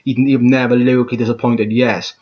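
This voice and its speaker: A man with a husky, slightly breathy voice rants bluntly through a music reaction, swearing freely and circling back over his own words. The recording sounds dull and lo-fi. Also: medium pitch, flat delivery, fairly quick. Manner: blunt, profane, exasperated, stumbles and repeats himself. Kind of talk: ranting reaction commentary.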